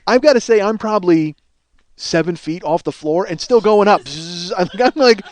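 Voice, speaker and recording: A man in his forties, a podcast host telling a comedic story in a casual, animated way, swearing and laughing along. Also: sits high, moderate pace. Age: 40s.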